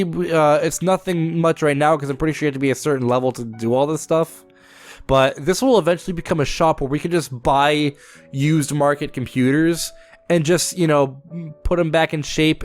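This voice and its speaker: This gaming channel host has a voice on the high side and talks at a normal speed over soft background music. A young man who sounds stuffed up and hoarse, he rambles chattily through his let's-play, using many filler words.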